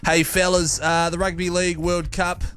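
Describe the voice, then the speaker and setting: Male radio co-host, joking banter, slightly high voice, soft music underneath: easygoing studio chat. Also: flat delivery, moderate pace. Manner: jokey, laughs between lines.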